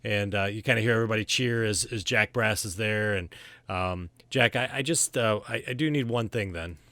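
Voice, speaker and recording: A man narrating a tabletop game as game master in a casual, halting way with many fillers. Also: lowish voice, bright, forceful tone, no echo.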